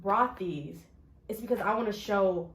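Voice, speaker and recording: A woman co-hosting a podcast, talking in an earnest, expressive way and laughing easily. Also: mid-range voice, a little slow, reverberant, rough recording. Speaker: podcast co-host. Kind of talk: casual chat.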